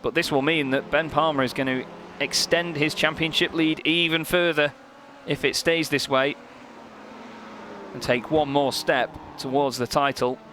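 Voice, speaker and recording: A young man commentating on a sim race, lively and joking, growing excited at close moments. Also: fairly high pitch, a little slow. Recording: commentary over loud race car noise.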